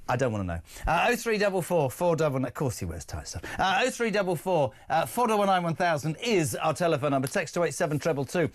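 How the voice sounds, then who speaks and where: A man's voice: fairly high pitch, very animated, quick pace, few pauses. A middle-aged man hosting live talk radio, chatty and teasing as he reads out listener texts. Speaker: radio talk show host.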